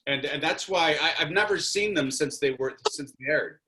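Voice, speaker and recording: Bright-voiced man telling a lively story. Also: on the high side, fairly quick, hardly any pauses. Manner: animated anecdote teller, acts out quotes. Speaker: guest actor. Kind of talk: casual storytelling on a video call. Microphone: video call.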